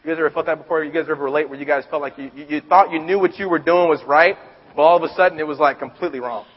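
Husky, high-voiced man preaching. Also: rapid-fire. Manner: conversational, animated storytelling with frequent restarts. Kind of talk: sermon. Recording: dull recording with long hall reverb.

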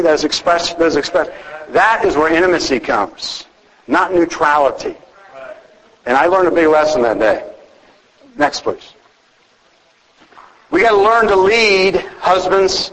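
A middle-aged pastor preaching a conversational sermon on marriage, telling personal stories to the congregation. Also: male voice, on the high side, expressive, measured pace, fairly bright tone, in a large hall, poor audio.

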